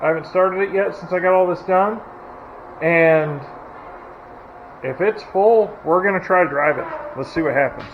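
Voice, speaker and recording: A man's voice: high-pitched, normal speed, pauses often. A man chatting casually while he works on an old truck in his garage, joking about himself as he goes. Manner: chatty, self-deprecating, talks while working. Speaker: hobby mechanic restoring a truck. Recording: dull lo-fi audio with faint noise. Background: logging machinery next door.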